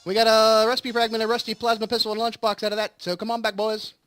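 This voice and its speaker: A let's play host with a high, slightly bright voice talks very fast in a flat delivery, with no echo. Chatting casually over gameplay while recovering from surgery, he tells a long, rambling story and acts out the quotes.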